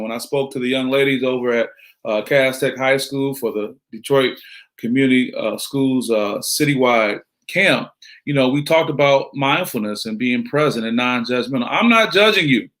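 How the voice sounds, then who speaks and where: A man's voice: medium pitch, fairly bright tone. A middle-aged man giving a motivational talk, preachy, asking rhetorical questions and greeting listeners by name. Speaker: motivational speaker.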